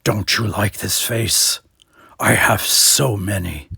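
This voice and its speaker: A man voicing a wrathful godlike alien entity, speaking slowly in a low, half-whispered voice. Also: vocal fry, sharp tone, slightly rough, dry recording, clean studio sound, exaggerated voice. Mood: menacing.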